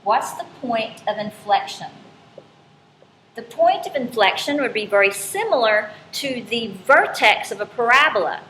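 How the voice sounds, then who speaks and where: Woman math teacher, slightly high voice, informal and self-correcting, roomy recording with faint noise. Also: animated, unhurried, sharp tone. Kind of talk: recorded classroom lesson.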